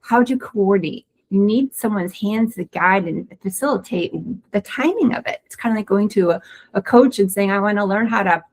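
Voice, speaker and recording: A woman who is a pelvic floor physical therapist, co-hosting a webinar and explaining recovery in a quick, excited, casual way with many restarts. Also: medium pitch. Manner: fast, excited talker with frequent restarts.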